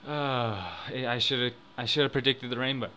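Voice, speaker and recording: At his home desk mic, an excitable young gaming YouTuber talks casually about gambling, with a little hiss or hum in the recording. His voice is bright, forceful, medium in pitch, and moderately paced, dropping to mumbles and then jumping to shouts as he bets and cheers.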